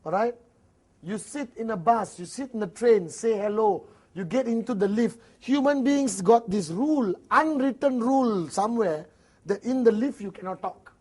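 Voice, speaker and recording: A man's voice: sits high, lively intonation, normal speed, a little mellow, husky. A man with a Malaysian English accent giving a motivational network marketing seminar, acting out little dialogues and often laughing.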